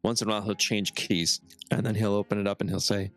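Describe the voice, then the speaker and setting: A man's voice: lowish voice, level tone, fast talker, a bit bright, soft background music. A man narrating a tabletop game as game master, describing scenes loosely with fillers.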